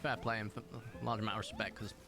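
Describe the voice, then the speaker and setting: A man's voice: lowish voice, flat delivery, racing, music in the background. A young British man streaming live and chatting casually, rambling with lots of fillers and restarts.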